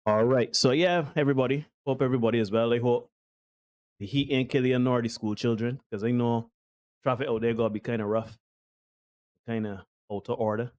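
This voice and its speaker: A man hosting a podcast in casual live-stream chat, energetic and full of repeated greetings and shout-outs. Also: medium pitch, brisk, dry recording. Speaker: podcast host.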